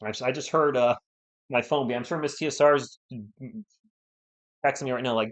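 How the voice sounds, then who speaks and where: A man from New England hosting a live sports stream, giving play-by-play and answering viewers in an excitable, fired-up way. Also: mid-range voice, brisk. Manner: excitable, fired-up, talks straight to chat viewers. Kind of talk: live play-by-play commentary and chat replies.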